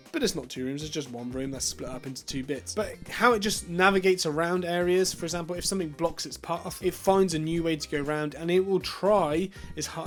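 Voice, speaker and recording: A man with an English accent giving a casual, chatty review of a home gadget, full of informal British phrasing and filler words. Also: on the high side. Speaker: tech reviewer.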